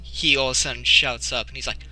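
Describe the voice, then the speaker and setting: A man's voice: medium pitch, steady tone, quick pace, pushed and bright, no echo, poor audio. A man narrating a tabletop role-playing game as game master, in a loose, casual way with lots of fillers and frequent laughter.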